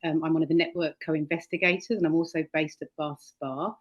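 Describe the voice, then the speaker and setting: A woman's voice: low-pitched, fairly even intonation, fairly quick. A woman in her fifties introducing herself briefly and in a friendly way on a video call. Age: 50s. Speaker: co-investigator. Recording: dull lo-fi call audio.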